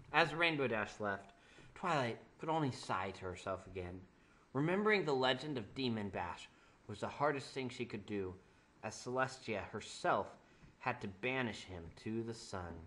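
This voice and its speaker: A man's voice: medium pitch, fairly bright tone. A young man doing a mock-dramatic reading of a bad fanfic, with sarcastic asides about the writing. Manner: sarcastic, breaks into laughter and wry asides. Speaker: comedic fanfic reader.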